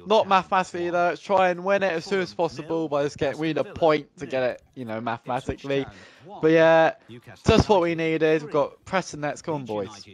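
Excitable man commentating his game. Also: on the high side, fast, few pauses. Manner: excitable, shouts at the match and laughs at his own jokes. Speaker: gaming channel host. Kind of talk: live gameplay commentary.

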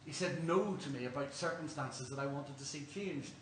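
A man's voice: mid-range voice, moderate pace. An Irish man preaching a sermon in a church, earnest and questioning, telling stories to the congregation. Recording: roomy church, distant mic, faint hum.

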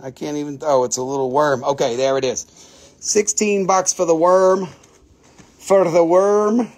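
A man's voice: fairly high pitch, little pitch movement, measured pace, darkish tone. A man hosting a live crystal sale, joking, swearing and haggling over prices in casual talk. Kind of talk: casual live sales stream.

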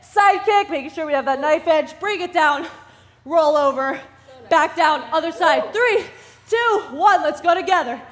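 A woman fitness instructor leading a workout class, energetic and encouraging, calling out counts and moves. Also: very high voice, a little slow.

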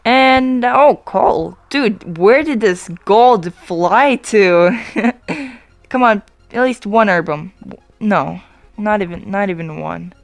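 A woman's voice: mid-range voice, takes it slowly, gravelly, dry recording, faint music behind. Chatty woman narrating her gameplay. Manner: chatty, apologetic, bursts into excited exclamations. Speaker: YouTube gamer. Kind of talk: let's-play gameplay commentary.

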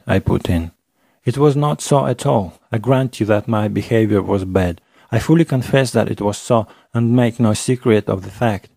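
A man narrating a classic novel in the first person, measured and literary, on a close studio mic. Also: on the low side, gravelly, mellow, no echo. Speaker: audiobook narrator.

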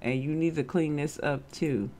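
A woman's voice: low voice, fairly even intonation, normal speed, noisy background. Laughing, scolding woman gaming vlogger. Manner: talks to the game characters, bursts into laughter; bossy, scolding, with slang. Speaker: Sims gameplay vlogger. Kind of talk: casual gameplay commentary.

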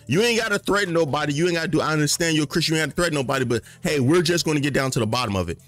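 Male vlogger, late 20s to 30s, fired-up slangy commentary that swings from high outrage to low muttering, dry close sound. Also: animated, very fast, fairly bright tone, no room sound, soft background music. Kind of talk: casual commentary rant.

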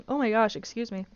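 A woman hosting a casual live stream while gaming, gushing and excitable as she rambles along. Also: on the high side, highs cut off, background noise. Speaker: streamer host.

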